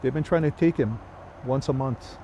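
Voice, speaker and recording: A man plays a solemn old priest giving a warning in a spoken ghost tale. He speaks in a measured, grave way at a middle pitch. The tone is dark and mellow. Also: slight background noise, natural voice.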